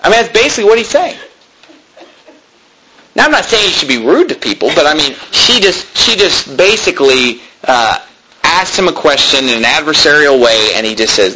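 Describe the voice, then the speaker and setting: A man's voice: on the high side, big pitch swings, normal speed, pushed and bright, slight background noise, low-quality recording. A man preaching a sermon, reading scripture and arguing his point with mocking asides. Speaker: pastor.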